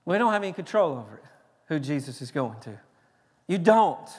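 High-voiced Tennessee preacher in a church hall. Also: male voice, slightly rough. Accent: Tennessee Southern. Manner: lively, joking, emphatic preaching with quick restarts. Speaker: pastor. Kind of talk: sermon. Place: large church sanctuary. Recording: long reverb of a large church hall.

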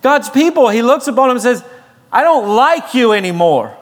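A man's voice: extremely high pitch, sing-song, moderate pace. A man preaching a sermon as pastor, building in intensity and acting out the people he quotes. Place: church sanctuary. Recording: reverberant church sanctuary.

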